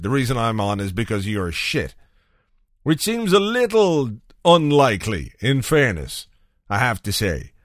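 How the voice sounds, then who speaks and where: A man's voice: mid-range voice, no echo. A man hosting a football podcast in a chatty, wry manner with dry asides. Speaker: podcast host. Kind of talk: casual football podcast commentary.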